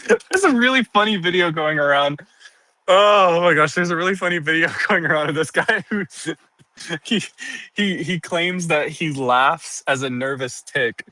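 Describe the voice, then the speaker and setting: Giggly, sleepy man with a bright voice. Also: on the high side, animated, a little slow, poor audio. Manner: giggly, laughs often between sentences; playfully dramatic. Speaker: streamer. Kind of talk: casual chat with viewers.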